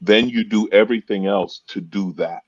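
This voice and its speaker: Deep-voiced man telling animated stories. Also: normal speed, breathy edge, lo-fi sound. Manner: animated storyteller, acts out quotes in raised voice. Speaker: comedian guest. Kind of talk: casual podcast conversation.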